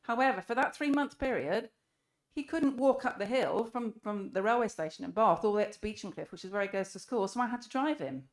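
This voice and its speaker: A woman's voice: mid-range voice, a little fast. A middle-aged woman delivers an impassioned speech at a live public debate. She is emphatic and earnest, stacking rhetorical questions as she builds her case. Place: live event in a room.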